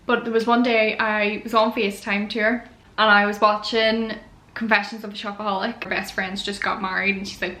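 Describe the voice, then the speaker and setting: Chatty young woman, bright and roomy. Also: mid-range voice. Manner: chatty and open, heavy use of "like". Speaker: vlogger. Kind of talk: casual chat vlog. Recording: echoey room.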